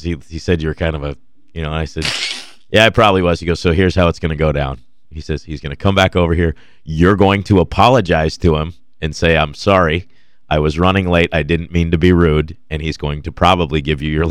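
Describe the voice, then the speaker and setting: A man's voice: very deep voice, clean tone, no room sound. A man co-hosting a radio show, telling casual stories full of quoted dialogue and laughter. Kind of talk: casual storytelling chat.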